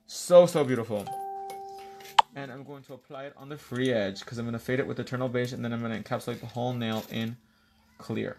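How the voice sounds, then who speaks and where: A man's voice: medium pitch, fairly quick, creaky, heavy background noise. A man hosting a live nail tutorial, explaining each step while bantering playfully with a co-host and viewers and slipping in the odd bit of Spanish.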